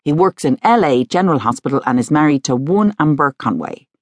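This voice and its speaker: A woman voicing a polite, businesslike middle-aged male private investigator, with her voice pitched lower for him. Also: lively intonation, fairly quick, no room sound. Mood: matter-of-fact.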